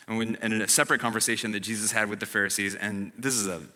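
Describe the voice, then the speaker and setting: Bright-voiced pastor in a reverberant church. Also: male voice, on the low side, steady tone, racing. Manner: casual, humorous, many fillers. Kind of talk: sermon.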